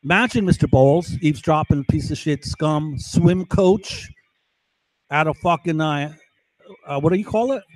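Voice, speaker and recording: Rambling man with a high voice, agitated and profane, dry close sound. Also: animated, measured pace, dry recording, rough recording. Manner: keeps asking "right?". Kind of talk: rambling monologue to camera.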